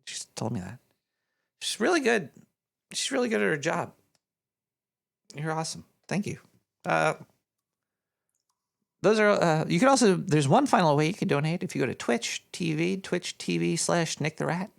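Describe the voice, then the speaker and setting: A man's voice: fairly high pitch, animated, normal speed, vocal fry, pauses often. A man voicing a paranoid male cartoon rat who hosts a radio show, rambling in a scatterbrained way with jokey asides as he reads out donations. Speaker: host reading donations. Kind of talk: rambling live-stream chat.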